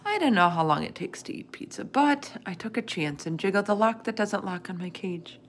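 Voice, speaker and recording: Woman reading a kids chapter book out loud, kinda gravelly, expressive. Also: mid-range voice, a little fast, a little hiss or hum. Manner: expressive, lively read-aloud narration. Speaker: reader of a children's book. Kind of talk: storybook read-aloud.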